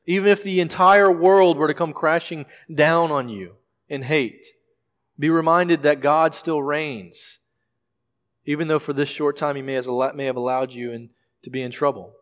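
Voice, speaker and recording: A male pastor preaching a sermon in a measured way, often repeating words as he explains scripture. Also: a little high, fairly bright tone. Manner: measured preaching with frequent word repetitions. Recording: long reverb of a large hall.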